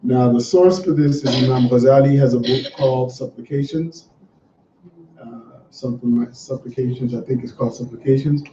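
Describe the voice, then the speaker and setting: Captured by a distant mic, the audio is dull and roomy with a little hiss or hum. A class teacher of medium pitch talks at a moderate pace in a relaxed, encouraging, conversational way, then reads a prayer to those gathered.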